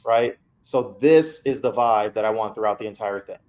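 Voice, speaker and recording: A man's voice: fairly low pitch, normal speed, darkish tone. A man coaching a student through feedback on her mock interview, candid and casual.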